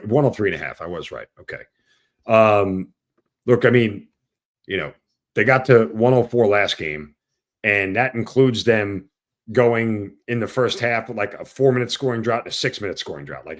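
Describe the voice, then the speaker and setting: Male betting analyst, lowish voice, dry and laid-back. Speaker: sports betting analyst, co-host. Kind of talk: casual sports betting talk.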